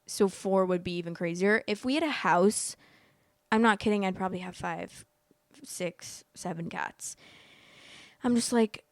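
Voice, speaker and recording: Speaking at a medium pitch, this young vlog host tells her story unhurriedly, leaving long pauses between chatty, rambling stretches full of "like." She sounds emotional and close to tears. Her studio-quality audio has no echo at all.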